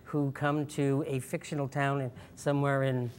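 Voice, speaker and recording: A man, a film director guest on a TV talk show, chatting casually with self-mocking humor and halting restarts. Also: mid-range voice, little pitch movement. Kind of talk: casual TV chat.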